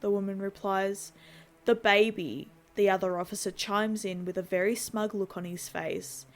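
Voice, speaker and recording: A woman's voice: mid-range voice, little pitch movement, normal speed, faint music behind. A woman hosting a horror channel, reading a scripted scene-by-scene film recap and dropping in wry asides. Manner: wry asides between plain plot retelling.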